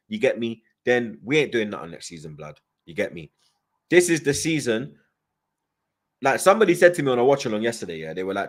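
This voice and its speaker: A young man hosts a fan channel, chatting casually and reading viewer comments, with constant slang and "you get me" tags. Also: mid-range voice. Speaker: football fan channel host.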